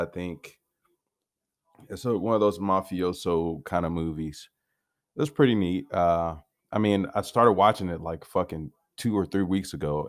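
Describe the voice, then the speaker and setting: A man's voice: low voice, no echo, studio quality. A man hosting a solo podcast, rambling in a laid-back, meandering way with frequent swearing and restarts. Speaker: podcast host.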